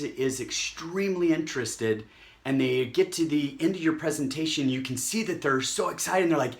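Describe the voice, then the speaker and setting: A man giving a motivational network marketing training talk, energetic and acting out quick snippets of dialogue with prospects. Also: medium pitch.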